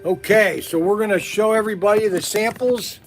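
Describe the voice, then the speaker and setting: A man hosting a live unboxing stream, excitable and constantly exclaiming in surprise. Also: high voice, normal speed, faint music behind. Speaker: livestream host unboxing toy car samples. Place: indoor workplace.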